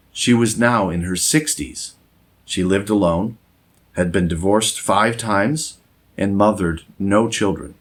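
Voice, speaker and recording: Casting: a man delivering slow, deep scripted narration, measured and moralizing. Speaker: essayist and former English teacher.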